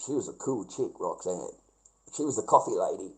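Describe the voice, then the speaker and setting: A man's voice: low-pitched, lively intonation, brisk, a little mellow, rough recording. An Australian man rambling through a livestream monologue, swearing constantly, repeating himself and calling listeners mate and bro.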